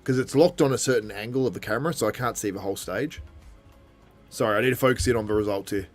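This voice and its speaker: A man casually commenting on a live event for his stream, chatty and quick to restart his sentences. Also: on the low side, soft background music. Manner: chatty, with frequent restarts and laughter. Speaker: livestream host.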